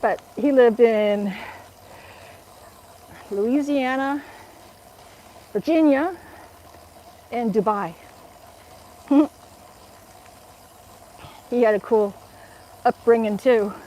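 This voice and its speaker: A woman's voice: a little high, extremely slow, long pauses, mellow, slight background noise, rough recording. A middle-aged woman from Alaska with an Alaskan accent, chatting casually with viewers while she exercises outdoors and laughing often. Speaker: fitness vlogger. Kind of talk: casual live-stream chat while exercising.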